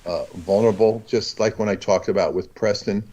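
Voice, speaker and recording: A man talking as a guest in a casual conversation, rambling and halting, with many restarts. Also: on the low side, steady tone, warm tone, a little hiss or hum, poor audio.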